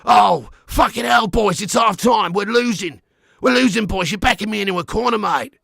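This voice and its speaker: A man putting on a frantic Australian football manager who shouts slang in a raised voice. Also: on the high side, animated, moderate pace, gravelly, no room sound, studio quality, pitched above the performer's own voice, full character voice. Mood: panicking. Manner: exaggerated Aussie slang, loud and frantic.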